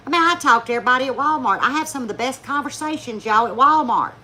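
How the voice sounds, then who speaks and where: A woman's voice: high-pitched, animated, fast, sharp tone. A woman telling folksy stories to her viewers in a chatty way, laughing often and acting out the people she talks about. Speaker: YouTube vlogger. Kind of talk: casual storytelling chat to viewers.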